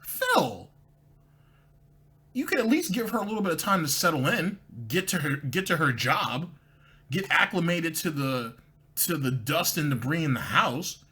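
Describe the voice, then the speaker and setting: Husky man with dry mocking commentary. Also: a little high, lively intonation, normal speed, pushed and bright. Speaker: commentary host. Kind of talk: sarcastic commentary over clips.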